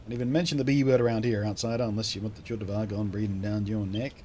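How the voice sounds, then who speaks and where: A man voicing a washed-up old tavern keeper in a game who grumbles gruffly at strangers. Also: on the low side, fairly even intonation, racing, darkish tone, slight background noise, natural voice. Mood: grumbling.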